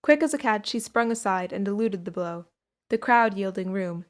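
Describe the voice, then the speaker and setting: A young woman narrating an audiobook of a 19th-century adventure tale. She reads at a measured pace in a clear, mid-pitched voice, keeping the storytelling steady. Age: young adult. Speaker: audiobook reader.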